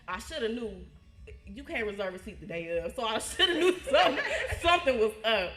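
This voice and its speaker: A young woman in her twenties tells a comic story at a family party. She acts out the quotes in a lively way and laughs through her lines. The room is echoey. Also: fairly high pitch, fairly quick. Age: 20s. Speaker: guest telling a story. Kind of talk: animated storytelling.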